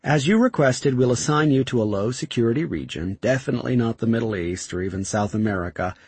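A man voicing a smooth, reassuring male corporate recruiter in an audiobook, with a calm sales-pitch delivery. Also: fast talker, dry recording.

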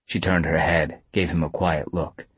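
Male narrator, low and even, husky, dry studio read. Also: normal speed, no room sound. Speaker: audiobook narrator. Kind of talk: scripted narration.

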